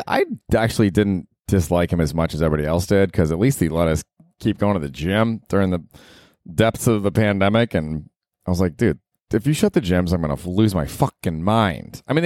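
A man, a comedian hosting his own podcast, rambling in a casual, profane and self-mocking monologue with sudden excited emphasis. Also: low-pitched, dry recording, clean studio sound.

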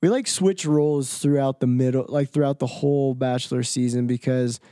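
A man's voice: medium pitch, steady tone, moderate pace, dark tone, clean tone, no echo, clean studio sound. A man co-hosting a podcast in casual chat, joking and laid-back. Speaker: podcast co-host.

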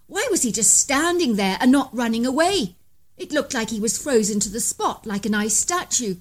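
A woman narrating a scripted first-person bedtime story, slowing down and rising in pitch at tense moments.

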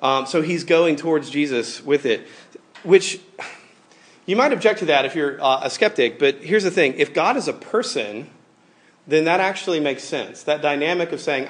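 A man in his thirties preaching a sermon in a conversational, animated way, often acting out quoted voices. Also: a little high, normal speed. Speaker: pastor.

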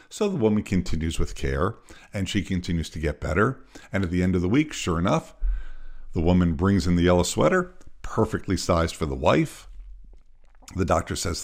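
A man hosting a podcast, telling a story in an animated way and acting out the voices. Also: sits low, moderate pace. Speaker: podcast host.

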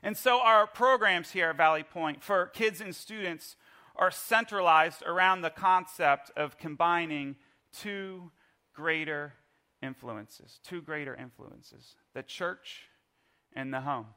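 A middle-aged pastor preaches a sermon through playful, animated storytelling. His voice sits high for a man, and it has a bright, forceful edge. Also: slow.

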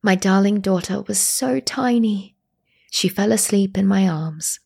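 A woman reading a first-person story aloud as narrator, at a steady, measured pace. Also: medium pitch, creaky, husky.

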